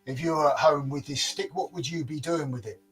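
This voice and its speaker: A storyteller man voicing a huge, menacing, child-eating male giant who booms his threats. Faint instrumental music plays underneath. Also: steady tone, brisk, a bit bright, far from the mic, natural voice. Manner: booming, gleeful, threatening.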